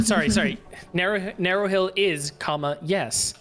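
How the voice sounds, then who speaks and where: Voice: mid-range voice, takes it slowly. A game master narrating a tabletop fantasy game with plenty of swearing and laughter. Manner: profane, laughs while narrating.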